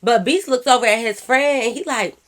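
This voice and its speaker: A woman with a high voice tells a storytime straight to her viewers. She is animated and loose, swearing freely and calling her audience y'all. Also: a little fast. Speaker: YouTube storyteller. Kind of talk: casual storytime vlog.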